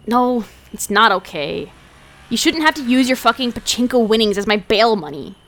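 A woman's voice: fairly high pitch, expressive, normal speed, a bit bright. A young woman voicing a hot-tempered, foul-mouthed underage delinquent girl who swears constantly and talks bluntly and defensively. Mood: bitter.

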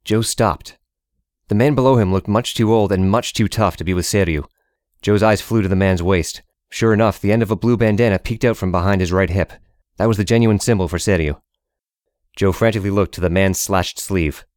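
A man reads a story aloud as an audiobook narrator, steady and measured. His voice sits very low, and the sound is dry and close with no room around it. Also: no echo.

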